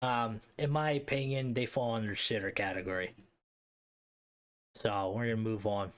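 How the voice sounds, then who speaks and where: A man's voice: on the low side, steady tone, moderate pace. A man with a Philadelphia accent hosting a live stream, ranking hockey league teams in a loose, slangy way, swearing and answering chat aloud. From Philadelphia area, US. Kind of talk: casual live-stream commentary.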